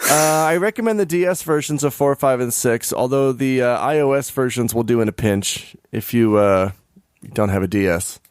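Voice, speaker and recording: A man's voice: mid-range voice, normal speed, clean tone, no room sound, clean studio sound. A man hosting a podcast in casual chat, rambling and easily flustered, with lots of fillers. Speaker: podcast host.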